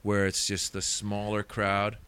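Bright, clear-voiced man telling stories. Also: on the low side, a little slow, no room sound. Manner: animated, acts out voices in anecdotes. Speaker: stand-up comedian guest. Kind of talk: casual storytelling chat.

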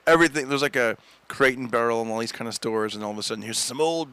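A man's voice: medium pitch, quick pace, a bit bright, clear, resonant tone, no echo. A man, a stand-up comedian, telling a rambling story with frequent chuckles in a casual podcast chat.

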